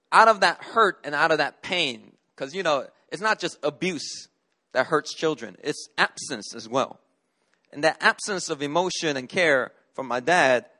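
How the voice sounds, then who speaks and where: A man's voice: fairly high pitch, bright, forceful tone. A middle-aged man from Korea, a pastor preaching a sermon, telling a personal story in an earnest way with frequent restarts.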